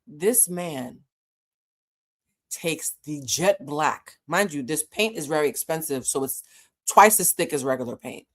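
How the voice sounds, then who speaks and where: A woman, an emotional intelligence coach, telling a story in a vlog with animated, exasperated delivery and acted-out quotes. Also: low-pitched, measured pace.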